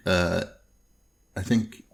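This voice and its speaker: Hesitant lower-voiced podcast host. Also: male voice, steady tone, extremely slow, vocal fry. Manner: hesitant, restarts sentences. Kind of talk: casual interview chat.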